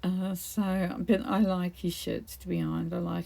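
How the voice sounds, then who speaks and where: Gravelly-voiced chatty woman. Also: fairly low pitch, flat delivery, unhurried, darkish tone. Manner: chatty, rambling, laughs often. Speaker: craft video host. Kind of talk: casual crafting chat.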